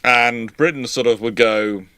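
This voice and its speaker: A man's voice: mid-range voice, fairly even intonation, measured pace, pushed and bright, clear, resonant tone, no echo. A man hosting a live question-and-answer stream, explaining at length in a rambling way with frequent restarts. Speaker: host. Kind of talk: live viewer Q&A.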